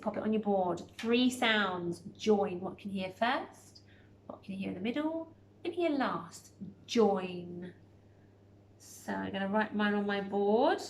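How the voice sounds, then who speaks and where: A woman teaching a recorded phonics lesson. She sounds out each word slowly and clearly and gives warm encouragement. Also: mid-range voice, reverberant.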